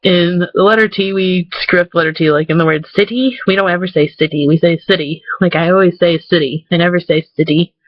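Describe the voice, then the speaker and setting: A man's voice: high-pitched, fast talker, hardly any pauses, dry recording, highs cut off. A man from Michigan with a Michigan accent, chatting casually to the camera in a rambling vlog, full of "like" fillers. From Michigan, USA. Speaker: vlogger. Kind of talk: casual talking-head vlog.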